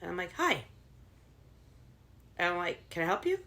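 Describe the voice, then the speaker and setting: A woman's voice: on the low side, racing. A middle-aged woman co-hosting a casual podcast with her daughter, telling stories in a bubbly, giggly way. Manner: bubbly, giggly, animated storytelling. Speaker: podcast co-host, mother. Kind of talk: casual chat.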